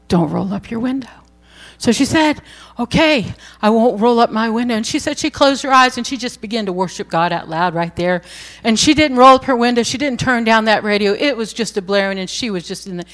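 A middle-aged woman preaching a sermon, telling a story earnestly and voicing the quoted words softly. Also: high-pitched.

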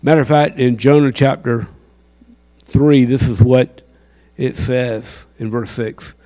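A man's voice: mid-range voice, steady tone, takes it slowly, warm tone. A man preaching a sermon, impassioned and quizzing his listeners with questions. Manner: impassioned, asks the crowd questions.

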